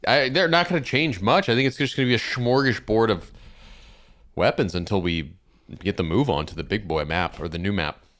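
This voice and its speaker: A tired man co-hosting a casual gaming podcast, speaking in a halting, hesitant way while yawning. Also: lowish voice, fairly bright tone. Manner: halting, hesitant, many fillers and restarts. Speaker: podcast co-host.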